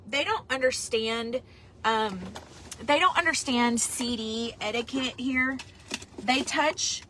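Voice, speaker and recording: Woman, middle-aged, bright, slightly high, livestream chat. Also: rough recording. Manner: chatty, reads viewer comments aloud. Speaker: singer hosting a livestream album listening party.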